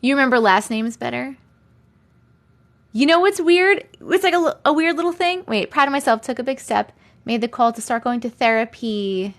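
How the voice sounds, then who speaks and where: A woman with a Long Island accent, chatting casually on a livestream and reading viewer comments, talking in a chatty, animated way full of giggles. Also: on the high side, moderate pace. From Long Island, New York. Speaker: livestream host.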